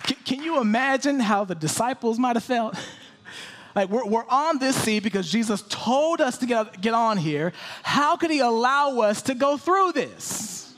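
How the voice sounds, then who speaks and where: A man preaching a sermon, swinging from loud pleading questions to hushed whispers. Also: very high voice, expressive, unhurried.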